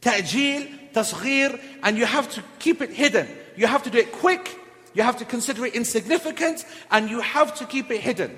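A man preaching with a strikingly high voice, slipping into the voices of the people in his examples. His words ring out with a long reverb tail, as though in a large hall. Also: normal speed. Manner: lively storytelling, acting out quoted people. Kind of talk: sermon.

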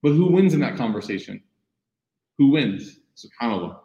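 A young man giving a sermon, telling personal stories lively and acting out the voices in quotes. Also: mid-range voice, normal speed, muffled recording. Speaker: Muslim speaker giving a talk. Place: room with audience. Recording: echoey room.

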